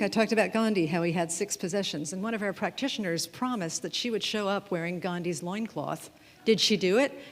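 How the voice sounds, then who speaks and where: A woman minister preaches in a chatty, playful way, tossing questions to the congregation and laughing along. Her voice sits at a middling pitch. The long reverb of a church hall trails behind her words. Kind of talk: sermon. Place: church sanctuary.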